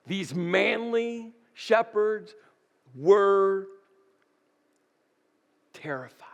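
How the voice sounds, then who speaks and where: A man's voice: high-pitched, in a large hall. A man preaching a sermon as pastor, emphatic and repeating key words for weight. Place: church sanctuary.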